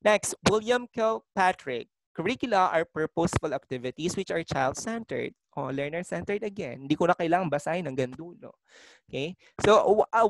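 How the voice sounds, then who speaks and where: A man's voice: high-pitched, no echo, low-quality recording. A man with a Filipino accent, a college teacher lecturing a class and often checking in with "okay?". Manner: explanatory, frequent "okay?" checks with students.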